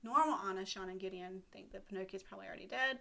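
Young woman, bright, casual storyteller, irreverent, chatty. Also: mid-range voice, rapid-fire, creaky. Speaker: podcast co-host.

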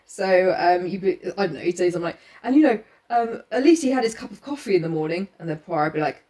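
A woman's voice: lowish voice, expressive, quick pace, warm tone. A woman hosting a casual podcast chat, retelling a novel and laughing often as she puts on voices for its characters.

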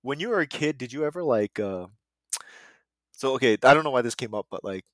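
A man's voice: medium pitch, animated, brisk, no room sound, clean studio sound. A man hosting a casual podcast chat, rambling through anecdotes and laughing often. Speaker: podcast host.

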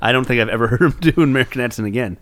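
A man's voice: mid-range voice, very fast, a bit bright, dry recording. A man co-hosting a gaming podcast in casual chat, swearing often and rambling bluntly. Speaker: podcast co-host.

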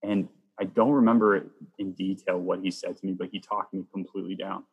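Speaking briskly, a man from Canada recounts his personal faith journey as a guest in an interview, his voice very deep and husky. He brings the story to life by performing people's lines. The recording is muffled and carries a long reverb, like a large room.

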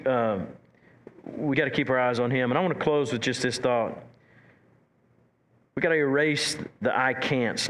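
A man preaching a sermon as pastor, animated, stumbling over repeated words and acting out quotes. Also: mid-range voice.

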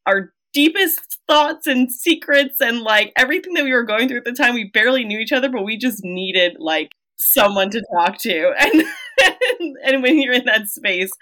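Woman co-host, expressive and quick to laugh, bright tone. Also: on the high side. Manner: expressive, laughs while talking. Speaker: podcast co-host. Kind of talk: casual chat.

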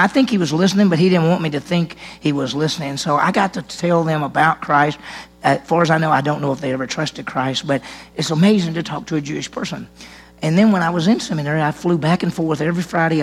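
A man's voice: fairly high pitch, creaky, husky. A man preaching a sermon as senior pastor, telling a personal story in a conversational way and acting out the dialogue. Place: church sanctuary.

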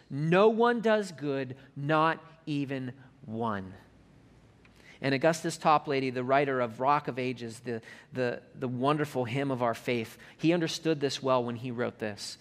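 A man preaching a sermon as pastor, slowing down and dropping his voice when reading scripture and hymn lines, and rising in pitch and force as he builds to a climax.

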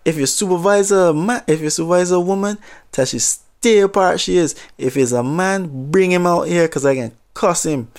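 A man's voice: high voice, normal speed, a little mellow, pitched above the performer's own voice. A man voicing a big, hot-headed customer with a Jamaican accent, who blusters and demands in clipped, broken phrases. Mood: angry.

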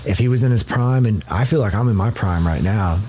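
A man in his thirties talks in a candid, casual way, blunt and full of profanity. He stops and restarts his sentences. His voice sits on the low side and sounds dark and mellow. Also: brisk, slight background noise.

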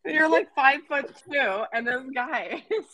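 A young Canadian woman with a Canadian accent co-hosts a podcast, telling a story in casual chat while swearing, laughing and acting out quotes. Her voice is high-pitched and sharp with lively intonation, and she speaks unhurriedly.

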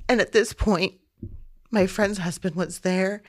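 A woman in her forties giving a halting, emotional personal testimony in short phrases. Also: mid-range voice, no echo. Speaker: interviewee.

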